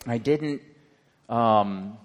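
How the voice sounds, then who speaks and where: A man's voice: medium pitch, drawn-out words. A man preaching, earnestly and dramatically retelling a story with quoted dialogue. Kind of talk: sermon storytelling. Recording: long hall reverb.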